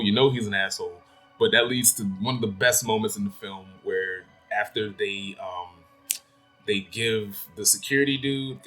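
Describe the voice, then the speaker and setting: A man's voice: lowish voice, a bit bright. A man giving a casual spoken film review, rambling and blunt, swearing freely. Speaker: movie reviewer.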